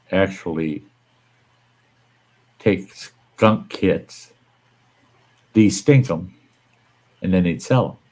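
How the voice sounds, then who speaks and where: A man with a very low voice hosts a casual live stream chat. He tells rambling, folksy stories and swears mildly now and then. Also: gravelly, darkish tone, breathy edge, low-quality recording. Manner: rambling, folksy storytelling with mild cursing.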